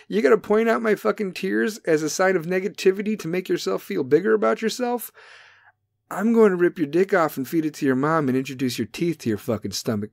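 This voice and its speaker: A man hosting a talk show, ranting in a brash, profane, comedic way and now and then dropping into mocking high voices. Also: a little mellow, no room sound, clean studio sound. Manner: brash, swearing, swings into mocking falsetto bits. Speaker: podcast host.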